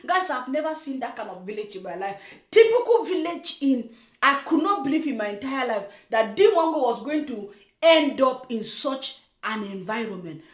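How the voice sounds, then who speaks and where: A woman's voice: fairly high pitch, fairly bright tone, echoey room. A woman giving a scolding, preachy reaction commentary. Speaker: commentary vlogger. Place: lives in Germany.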